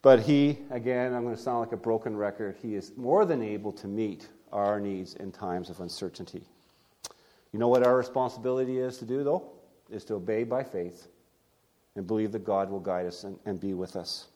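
A male pastor delivering a sermon in a conversational way, repeating key phrases, asking rhetorical questions, and swinging from loud emphasis to quiet asides. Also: on the low side, moderate pace.

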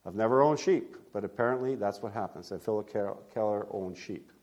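A male pastor delivering a sermon in a conversational way, repeating key phrases, asking rhetorical questions, and swinging from loud emphasis to quiet asides. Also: lowish voice, fairly quick, hardly any pauses.

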